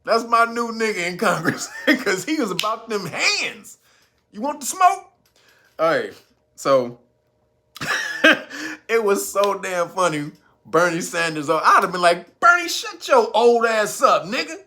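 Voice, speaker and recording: Male podcast host, high and sharp-toned, crude comic rant full of laughs. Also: animated, takes it slowly, long pauses. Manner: laughing often, acting out quotes loudly. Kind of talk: profane comedic commentary.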